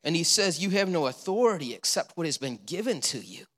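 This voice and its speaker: Speaking fairly quickly in a voice on the high side, a male pastor preaches in a large hall. His sermon is animated and story-driven, with rhetorical questions and answers he repeats.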